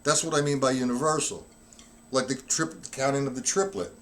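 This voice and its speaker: A man's voice: mid-range voice, moderate pace, a little hiss or hum. A man giving a live-streamed drum lesson who is not feeling well, coughing now and then and counting the beats aloud as he demonstrates. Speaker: drum teacher.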